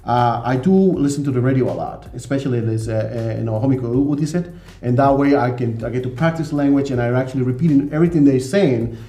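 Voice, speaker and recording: Quick, animated man in casual chat. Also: medium pitch, roomy sound. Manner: animated, acts out voices in his stories. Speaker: podcast co-host.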